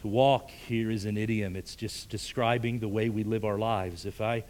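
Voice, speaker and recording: A male pastor preaching a sermon, emphatic, often repeating words, moving between strong raised passages and hushed near-whispered lines. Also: lowish voice, steady tone, moderate pace. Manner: emphatic, rising to forceful peaks then dropping to hushed near-whispers; repeats words when stressing a point.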